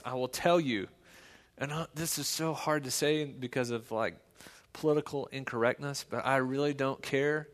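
Male pastor, sermon delivery, casual storytelling building to forceful emphasis; reverberant hall sound. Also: fairly high pitch. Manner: conversational storytelling, swings loud and emphatic.

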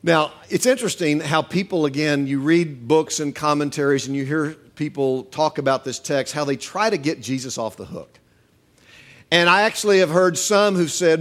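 A middle-aged male pastor preaching a sermon, animated and acting out quoted voices with humor. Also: a little high, normal speed.

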